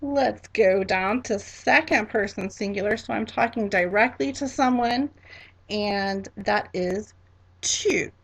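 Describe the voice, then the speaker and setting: A woman teaching a class, slow and patient, spelling each word letter by letter and repeating it for students to echo. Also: medium pitch, slightly rough. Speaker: French teacher. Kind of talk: classroom lesson.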